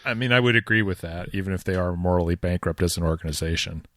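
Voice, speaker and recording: A man's voice: low-pitched, quick pace, a bit bright, no echo. A man co-hosting a podcast, chatting casually with dry, wisecracking humor. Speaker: podcast co-host. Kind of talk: casual chat.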